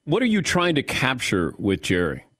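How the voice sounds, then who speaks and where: A man hosting a sports talk show, reading ads and interviewing a guest with a smooth, steady delivery. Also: medium pitch, moderate pace, dry recording, clean studio sound.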